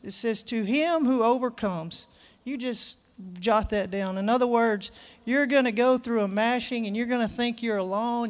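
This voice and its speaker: A man's voice: sits high, smooth. A man preaching a sermon in a church service, folksy and earnest, reading scripture aloud with emphasis.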